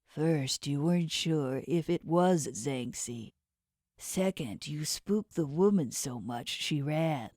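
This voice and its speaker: A woman's voice: sits low, expressive, slow, darkish tone, dry recording, clean studio sound, pitched below the performer's own voice, full character voice. A woman voicing a menacing inhuman male boss with shark teeth, talking down coldly and threateningly in an audiobook. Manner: cold, threatening, condescending. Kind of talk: audiobook character voice.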